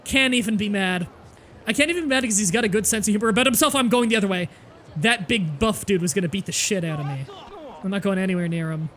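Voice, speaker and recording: A man's voice: sits high, fast talker, a little hiss or hum. Chatty Southern Ontario Canadian man gaming. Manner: chatty, lively, laughs easily, explains at length. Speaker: streamer playing a game. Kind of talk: casual gaming commentary.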